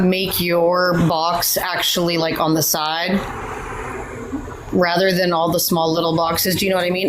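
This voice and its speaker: Low-voiced woman with clear background noise. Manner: rambling, friendly, directing a guest. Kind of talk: casual instructions.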